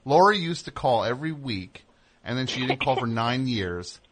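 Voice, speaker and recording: A man's voice: medium pitch, animated, moderate pace, noisy background. A man hosting a call-in talk show, easygoing and murmuring agreement while his guest talks. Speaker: radio show host. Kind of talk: casual talk show chat. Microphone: studio microphone.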